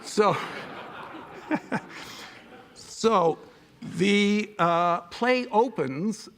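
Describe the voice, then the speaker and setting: A man's voice: high-pitched, animated, extremely slow, a bit bright. A man giving a public lecture in a conversational, digressive way, often restarting his sentences and slipping in dry humorous asides.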